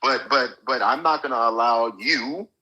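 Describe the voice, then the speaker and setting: A man calling into a live stream, arguing back in a halting way with many fillers. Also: medium pitch, pushed and bright, highs cut off, slight background noise. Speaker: caller. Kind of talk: casual debate on a call.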